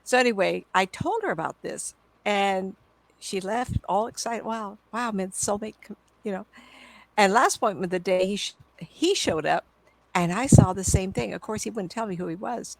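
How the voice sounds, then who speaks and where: A woman in her seventies, a psychic medium, telling stories to an audience in an excitable, chatty way with frequent laughs. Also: medium pitch, moderate pace, creaky, dry recording. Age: 70s. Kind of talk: storytelling talk to an audience.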